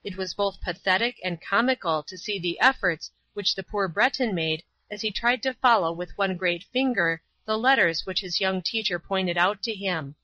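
An audiobook narrator, a woman with a medium-pitched voice, reads a scripted story in a measured, even way. There's no room sound, and the lo-fi recording sounds dull.

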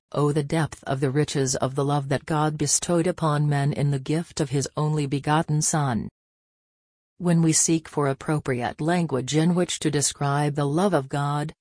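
A man reading a daily devotional aloud in a measured, reverent manner. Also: on the high side, a little mellow, dry recording, studio quality. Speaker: devotional reader.

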